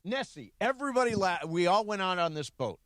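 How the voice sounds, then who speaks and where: A man's voice: high-pitched, very animated, brisk, a bit bright, no room sound, clean studio sound. A man co-hosting a sports radio show, chatting casually and telling stories with a playful, teasing manner. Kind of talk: casual studio chat. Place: radio studio. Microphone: studio mic.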